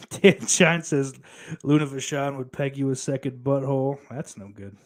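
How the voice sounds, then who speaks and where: A man's voice: medium pitch, moderate pace, darkish tone. A man co-hosting a podcast, reading live chat comments aloud in crude casual banter, laughing often and swearing freely.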